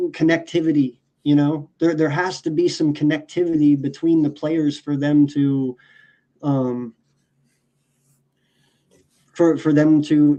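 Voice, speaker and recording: A man's voice: a little high, warm tone, lo-fi sound. A man talking sports casually as a podcast co-host, emphatic and profane, often restarting his sentences.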